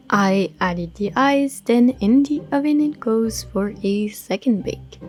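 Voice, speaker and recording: A woman narrating a craft tutorial in a relaxed voice-over, with dry, understated humor. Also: a little high. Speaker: crafting channel host.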